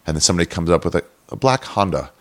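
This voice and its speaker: A man in casual chat, telling quick profane anecdotes. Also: low-pitched, expressive, no room sound.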